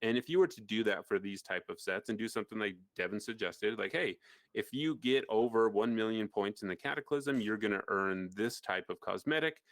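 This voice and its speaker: A man with a low-pitched voice chats casually on a gaming podcast, animated and given to dry sarcasm. He rambles and restarts his sentences. The close, dry recording has no room sound. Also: a little fast, no echo. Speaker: podcast co-host. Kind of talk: casual chat.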